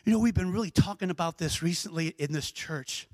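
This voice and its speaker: A man preaching a sermon as pastor, animated and conversational, tossing in frequent asides to the congregation. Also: high voice, a little fast, dry recording.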